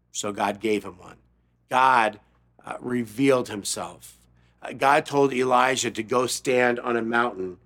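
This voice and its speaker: A male pastor delivering a sermon in a bright, forward voice at a slow, deliberate pace. He swings between hushed, near-whispered moments and raised, urgent stretches, often repeating a word or restarting before landing on a phrase. His emphasis falls on slow, stressed key lines. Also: medium pitch.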